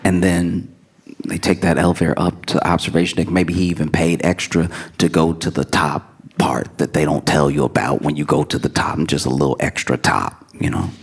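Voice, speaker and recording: A male stand-up comedian telling a story in an animated way, laughing as he acts out scenes. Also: rumbling low, husky.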